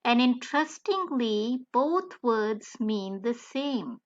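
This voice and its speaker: A woman narrating a beginner language tutorial, careful and deliberate, spelling out letters one by one. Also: fairly high pitch, lively intonation, lo-fi sound. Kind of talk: slow scripted tutorial narration.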